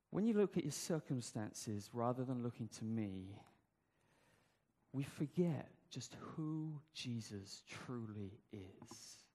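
A man's voice: medium pitch, lively intonation, slow, dark tone, long reverb tail. A man preaching a sermon, telling the story conversationally with rhetorical questions.

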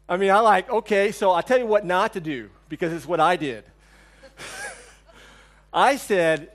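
Pastor guy in his 40s telling a funny story in his sermon, kinda high voice. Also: normal speed, pauses often, fairly bright tone. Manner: storytelling, humorous asides to the congregation.

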